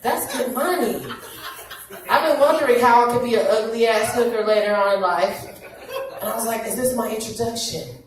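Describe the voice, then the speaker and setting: A woman's voice: a little high, moderate pace. Brash woman comic in echoey club. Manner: brash, crude, conversational. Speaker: stand-up comedian. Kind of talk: stand-up comedy set. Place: comedy club stage. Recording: echoey club from far off, noisy. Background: audience laughter.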